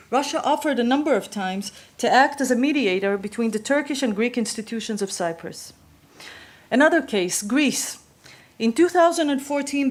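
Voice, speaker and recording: A woman giving a prepared talk at a conference, measured and reading from notes with occasional fillers. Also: fairly high pitch. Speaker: conference speaker. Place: conference hall.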